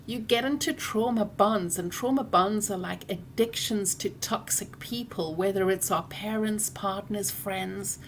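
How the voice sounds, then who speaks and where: A woman coaching viewers directly, speaking earnestly and gently, often trailing off softly at the ends of phrases. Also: mid-range voice, unhurried, few pauses, a little hiss or hum. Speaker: program coach.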